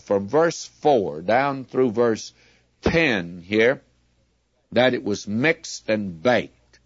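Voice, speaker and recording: A man teaching through a Bible passage verse by verse, measured and explanatory, leaning hard on key words. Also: mid-range voice, no echo, dull audio.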